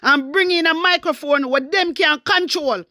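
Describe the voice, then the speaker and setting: A woman's voice: sits high, normal speed, sharp tone, dry recording, clean studio sound. A Jamaican woman hosting an angry political commentary monologue, fired up and repeating herself as she addresses her audience in patois.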